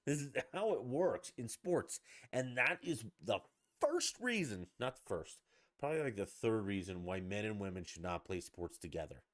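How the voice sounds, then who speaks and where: A man's voice: on the low side, very animated, normal speed, dry recording, studio quality. A middle-aged man ranting casually as a podcast host, blunt, mocking and profane.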